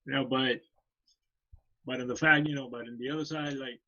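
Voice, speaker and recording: A man's voice: mid-range voice, steady tone, a little fast, pushed and bright, muffled recording. A man co-hosting a casual podcast chat, talking loosely with many fillers. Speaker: podcast co-host.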